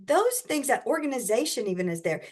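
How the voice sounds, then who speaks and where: Lively high-voiced woman explaining. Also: fairly quick, breathy edge. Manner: lively, explains with everyday examples. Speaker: podcast co-host, educational neuroscience expert. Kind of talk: casual explanatory chat.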